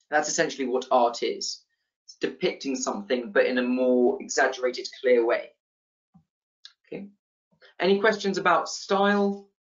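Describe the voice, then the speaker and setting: A man teaching a casual literature lesson, relaxed, with many fillers and restarts. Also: fairly high pitch. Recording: slightly dull lo-fi sound.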